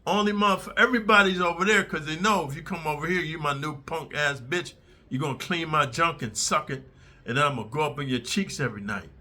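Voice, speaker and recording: A man's voice: a little high, brisk, pushed and bright. A man voicing a menacing, boastful male prison gang boss in his story, threatening and swaggering.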